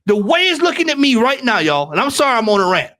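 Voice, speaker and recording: A Southern US man, appearing as a football fan panelist, rants heatedly in a high, widely swinging voice with a sing-song lilt. He talks fast, repeats his points to hammer them home, and climbs into shouts.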